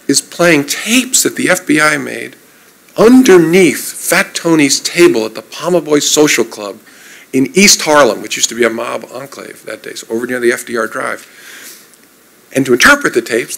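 A man in his fifties from New Jersey, guest in an onstage conversation, telling relaxed stories with self-deprecating humor. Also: on the high side, gravelly, low-quality recording. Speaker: guest speaker.

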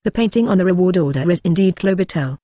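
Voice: mid-range voice, fast, no room sound, natural voice. A tts narrator doing a frail young lady, plain and dry. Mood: upset. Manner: flat synthetic reading. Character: frail sheltered young rich girl.

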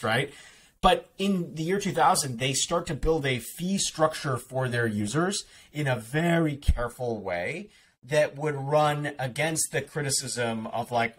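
A man, an author being interviewed on a podcast, talking quickly in a rambling, casual way full of "like" fillers and restarts. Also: medium pitch, animated.

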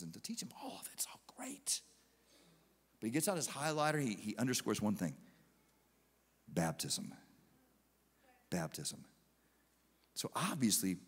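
A man preaching a sermon as pastor, animated and acting out biblical figures in quick asides, in a large church auditorium. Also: mid-range voice. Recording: long hall reverb.

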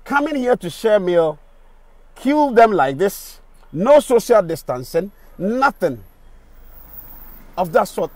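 A man's voice: sits high, darkish tone. Indignant Ghanaian man reporting outdoors. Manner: indignant, repeats rhetorical questions, mixes English and Twi. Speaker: radio presenter and vlogger. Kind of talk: on-the-spot video commentary. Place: outdoors on a city street.

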